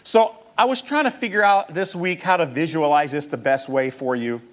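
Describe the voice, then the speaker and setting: A man preaching a sermon to a church crowd, emphatic and animated, mixing jokes into his message. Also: fairly high pitch, moderate pace. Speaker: pastor. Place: church stage with audience.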